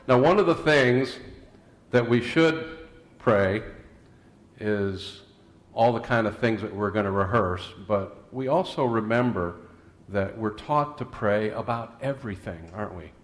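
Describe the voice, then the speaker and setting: A man's voice: on the low side, slow pace. A man preaching a sermon as pastor, mixing scripture and prayer with folksy jokes and anecdotes, with some fillers and restarts.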